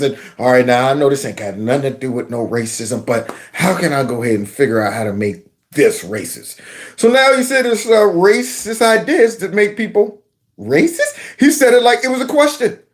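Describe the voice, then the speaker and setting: A man hosting his own commentary channel, mocking a clip with sarcasm and mimicry. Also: a little high. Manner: sarcastic, mimics voices, breaks into song.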